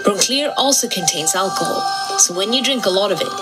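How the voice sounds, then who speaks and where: Woman narrating a documentary over loud music. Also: mid-range voice, lively intonation. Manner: measured, informative.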